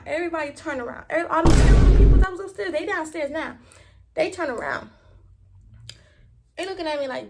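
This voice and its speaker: A young woman from Miami, telling a story in a vlog in an animated, profane and emphatic way. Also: high-pitched, normal speed, heavy background noise. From Miami, Florida. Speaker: vlogger.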